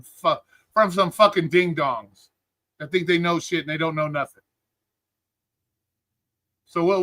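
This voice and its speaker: Sharp-voiced man ranting angrily. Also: fairly high pitch. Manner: angry, heated, swearing constantly; greets live chat viewers between rants. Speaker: livestream host. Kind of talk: profane political rant on a live stream.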